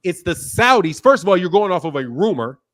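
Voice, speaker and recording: A man's voice: high voice, big pitch swings, fairly quick, a bit bright. A man hosting a boxing talk show, arguing heatedly, interrupting and swearing. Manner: combative, interrupting, profane. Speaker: boxing channel host. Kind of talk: heated debate.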